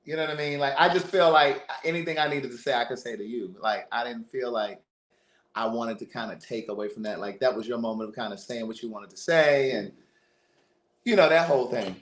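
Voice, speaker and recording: A man hosting a livestream, telling a family story in a casual, animated way, often repeating words. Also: medium pitch, fairly quick. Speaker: livestream host. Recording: roomy echo.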